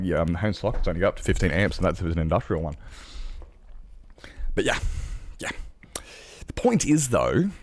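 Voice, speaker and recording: A man with a low voice and no room sound is streaming and chatting casually with his live chat. He rambles, corrects himself, and swears freely.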